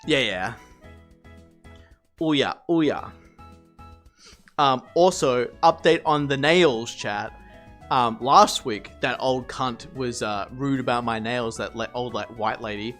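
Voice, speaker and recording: A man chatting casually with his stream, telling stories in a lively, swear-heavy way. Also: medium pitch, slow, pauses often, faint music behind. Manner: animated storyteller, swears freely. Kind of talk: casual live-stream chat.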